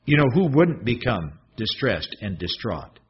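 Male preacher, husky voice, very lively intonation, dull lo-fi recording. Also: lowish voice, measured pace. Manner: expressive, rhetorical questions, swings from loud to hushed. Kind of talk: sermon.

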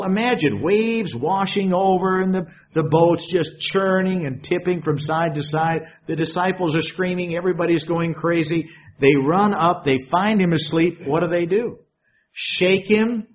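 A man's voice: on the high side, moderate pace. A man preaching a sermon in a conversational way, often putting questions to the congregation. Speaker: pastor. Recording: dull lo-fi sound.

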